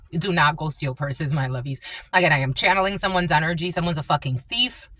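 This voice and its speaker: A woman's voice: deep voice, brisk, a bit bright. Blunt profane woman reading tarot. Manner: blunt, profane, laughs often. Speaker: tarot reader and channeler.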